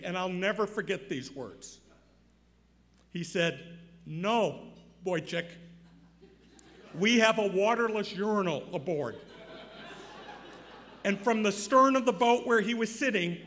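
An older man giving an award acceptance speech, telling a story and building to loud emphatic points. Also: sits high. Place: large banquet hall. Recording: reverberant hall.

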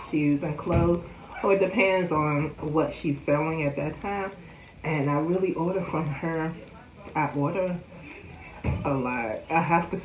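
A woman chats about her doll hobby in a low, unhurried voice. She keeps the talk loose, with fillers and small laughs. The recording sounds a little dull and roomy, with a faint hum underneath. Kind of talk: casual vlog chat.

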